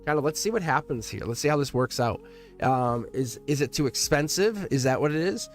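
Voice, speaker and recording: A man's voice: medium pitch, animated, fairly quick, faint music behind. Effusive rambling man hosting a live tarot stream. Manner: effusive and rambling, with frequent restarts and laughs. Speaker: live tarot reader and channel host. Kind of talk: live-stream chat to viewers.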